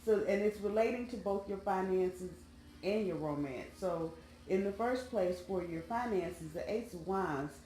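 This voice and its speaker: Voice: mid-range voice, measured pace, mellow. A tarot reader chatting casually and colloquially to viewers while laying out cards. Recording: roomy sound, faint background music.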